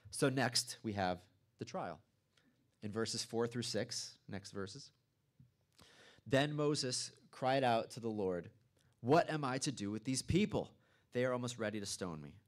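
A man's voice: on the low side, unhurried. A man preaching a sermon as pastor, reading scripture aloud and then explaining it in a conversational way, with small asides. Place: church.

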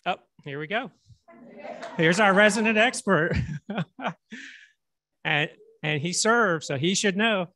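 A man's voice: high-pitched, takes it slowly, pauses often, bright, forceful tone. Casual male moderator running questions. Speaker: session moderator. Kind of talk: moderating a Q&A session.

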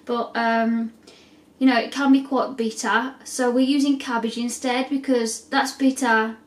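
A woman with a bright, high voice keeps up a casual, joking chat as she cooks, swearing now and then. She sounds a few steps from the camera, and her voice bounces around a hard, echoey kitchen. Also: little pitch movement, measured pace, distant mic. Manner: chatty, self-mocking, swears casually. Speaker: home cooking vlogger. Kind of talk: casual cooking vlog chat. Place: home kitchen with boiling pots. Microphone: camera set back across the kitchen.

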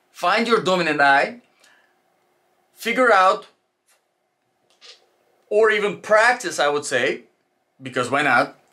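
A man's voice: high voice, bright, forceful tone. A man giving a casual instructional talk as a shooting instructor, loose and chatty with fillers and restarts.

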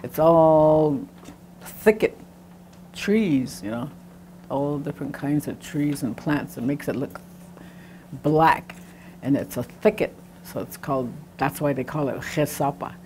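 A woman's voice: low-pitched, measured pace, long pauses, warm tone, a little hiss or hum. A woman teaching a language class, patiently repeating sounds to demonstrate them. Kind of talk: classroom lesson.

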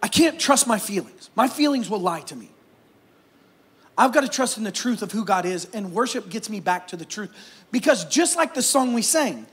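A middle-aged man, a pastor preaching a sermon, animated at times and then dropping to soft, hushed stretches. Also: sits high, normal speed, husky.

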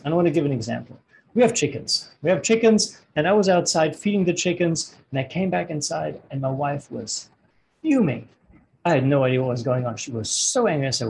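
A man's voice: fairly high pitch, vocal fry, darkish tone, a little hiss or hum, poor audio. Earnest male relationship coach. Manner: earnest, repeats words while searching, acts out quoted dialogue. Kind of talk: podcast interview.

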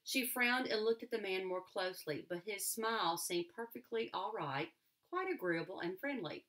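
A woman teacher reading a novel aloud to her class in an expressive storytelling manner. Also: mid-range voice, normal speed. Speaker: elementary school teacher.

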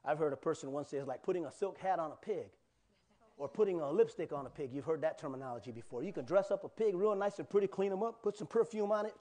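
Animated pastor man preaching a sermon. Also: on the high side, fast. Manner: animated storytelling with acted-out cries and asides. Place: church.

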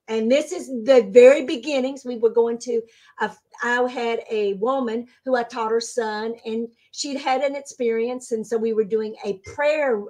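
A woman being interviewed as a spiritual medium, telling stories in a casual, animated way and acting out the voices she quotes. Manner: animated, acts out quoted voices with sudden pitch jumps. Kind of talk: casual storytelling.

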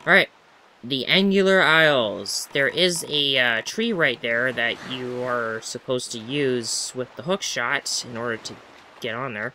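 A man's voice: medium pitch, unhurried, sharp tone, a little hiss or hum. A man giving casual let's-play commentary, chatty and rambling as he talks to himself while playing.

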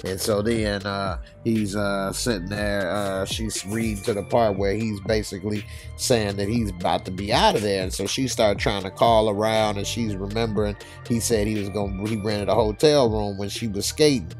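A man's voice: lowish voice, fairly even intonation, moderate pace, faint music behind. A man casually recapping a TV episode in a laid-back, slangy way, with many filler words. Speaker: TV episode reviewer.

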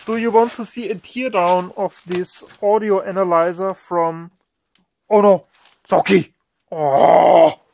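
A man's voice: high voice, moderate pace, hardly any pauses, slight background noise. A man hosting a casual unboxing, marveling aloud with exclamations as he presents each item. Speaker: electronics video host.

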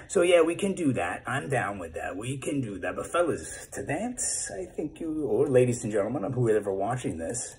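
Middle-aged man, vlogger, casual talk to camera, rambling, goofy, average pitch. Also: sing-song, moderate pace, hardly any pauses, darkish tone, a little hiss or hum. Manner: rambling, goofy, full of fillers.

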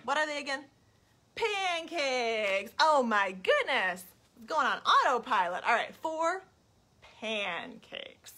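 A woman librarian leads a children's storytime on a livestream, playful and animated. Her voice is high and bright, and she takes her time. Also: slow pace. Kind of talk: children's storytime reading and singing. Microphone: webcam or phone, livestream.

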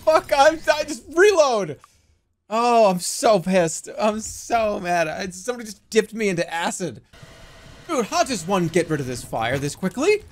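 A male streamer giving casual gameplay commentary, excitable and swearing, with loud shouting outbursts. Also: high voice, unhurried, slight background noise.

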